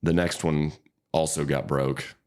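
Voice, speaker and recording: Easygoing and rambling, this fly shop owner tells stories in a casual podcast interview, with many restarts and pitch jumps whenever he quotes someone. He speaks a little slowly, his tone steady, darkish, and clean.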